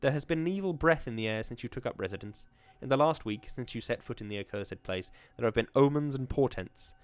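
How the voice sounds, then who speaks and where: A man's voice: mid-range voice, animated, fairly quick, clear, resonant tone, no echo, close to an everyday voice. A man voicing an elderly widow who urgently warns of evil omens, frightened and earnest.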